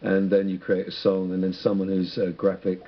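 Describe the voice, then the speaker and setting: A husky man with a low voice speaks as a radio interview guest. He muses in a rambling, reflective way and keeps restarting his sentences. The sound is dull and lo-fi. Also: monotone, a little fast. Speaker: musician guest.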